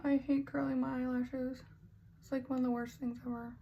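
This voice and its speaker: A woman's voice: high voice, little pitch movement, fairly quick, vocal fry, warm tone, muffled recording, slight background noise. A woman beauty vlogger chatting casually through a makeup tutorial, self-mocking and stumbling over words now and then.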